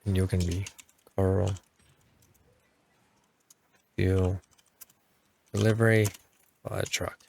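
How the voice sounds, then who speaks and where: A man's voice: low-pitched, little pitch movement, slow, vocal fry, long pauses, darkish tone, slight background noise. A man hosting a game playthrough, chatting casually and talking to the vehicles on screen. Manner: chatty, talks to the game's vehicles. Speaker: gaming channel host. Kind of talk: let's play commentary.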